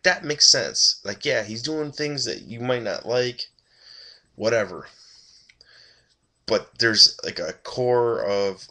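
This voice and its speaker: A man's voice: fairly low pitch, bright, forceful tone. A tired man giving a rambling, blunt and profane casual review of a TV episode.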